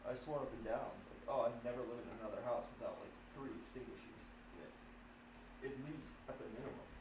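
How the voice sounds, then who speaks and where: A man rambles to his stream audience in a casual, profane way, swearing freely and getting animated as he makes his point. His voice sits in a middle pitch, and the room rings with echo under a clear layer of background noise. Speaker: livestreaming drummer. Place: home room.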